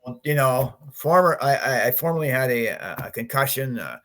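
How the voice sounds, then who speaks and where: A man in his fifties, a podcast guest, telling his story in a lively way, acting out what he and others said, with frequent laughs. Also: medium pitch, moderate pace. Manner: animated storyteller, acts out his own quotes, laughs often. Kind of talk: storytelling interview.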